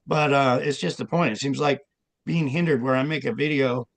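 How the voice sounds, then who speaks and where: A man with a gravelly, creaky voice speaks as a guest in a casual interview. He wanders from point to point and fills gaps with many ums and restarts. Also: medium pitch, steady tone, moderate pace. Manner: rambling, with many fillers and restarts.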